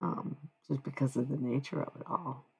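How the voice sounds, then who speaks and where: A woman's voice: a bass voice, moderate pace, vocal fry, a little mellow, breathy edge. A woman livestreaming in casual chat, talking candidly with frequent profanity and self-mocking humor.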